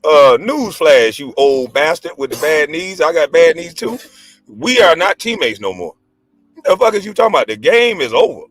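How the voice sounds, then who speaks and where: A man's voice: on the high side, sing-song, moderate pace, fairly bright tone. A man in his forties, a livestream host and former pro basketball player, ranting in a heated, profane, mocking way. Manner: mocking, profane, combative, laughs scornfully. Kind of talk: heated casual rant.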